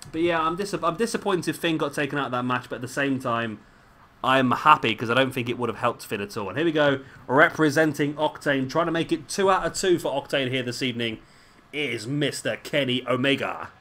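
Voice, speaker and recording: A man talks through a wrestling video game at home in a loose, rambling commentary. His voice sits at an everyday middle pitch, and he drifts into chatty, self-mocking asides. A faint hiss of background noise runs under it. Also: a bit bright. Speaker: gameplay commentator. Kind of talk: casual let's-play commentary. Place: at home, drinking beer while recording.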